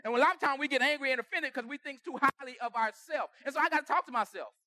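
High-voiced pastor preaching with loud bursts. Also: male voice, quick pace, no room sound, studio quality. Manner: conversational preaching with sudden loud bursts and dropped asides. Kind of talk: sermon. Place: church sanctuary.

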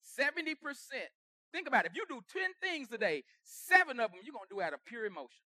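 High-voiced pastor preaching with loud bursts. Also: male voice, very animated, fast talker, dry recording, studio quality. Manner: conversational preaching with sudden loud bursts and dropped asides. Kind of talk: sermon. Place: church sanctuary.

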